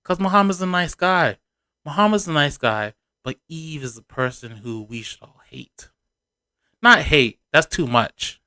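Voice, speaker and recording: Guy ranting about reality tv in his vlog, sarcastic and punchy, kinda high voice, dry close mic. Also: unhurried, no echo. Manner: animated, sarcastic, punchy emphasis. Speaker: reality TV commentator. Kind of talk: casual commentary vlog.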